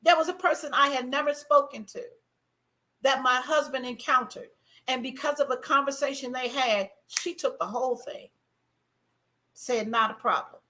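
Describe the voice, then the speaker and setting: A woman's voice: high-pitched, fairly even intonation, moderate pace, pushed and bright. A woman hosting a faith talk show, speaking candidly and emphatically, often acting out what she once said. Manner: emphatic, acts out her own past words. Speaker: ministry conference host.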